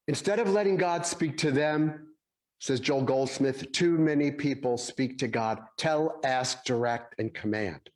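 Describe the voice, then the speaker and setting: A man in his sixties giving a Sunday sermon, telling stories gently and acting out the dialogue in them. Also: medium pitch, slow pace. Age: 60s. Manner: gentle storytelling, acts out dialogue in quotes. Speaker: speaker at a Sunday service.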